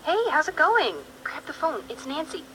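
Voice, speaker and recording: Bess, a bubbly cooking friend. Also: female voice, sits high, lively intonation, moderate pace, fairly bright tone, slight background noise, rough recording. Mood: chatty. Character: chatty young woman friend, keen home cook. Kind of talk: video game voice acting.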